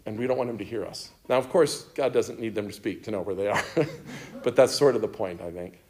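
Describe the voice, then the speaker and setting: A Bible teacher talks through scripture with a group in a conversational style, tossing out rhetorical questions. His voice is fairly low, a little fast and slightly mellow, and the room gives it a spacious echo.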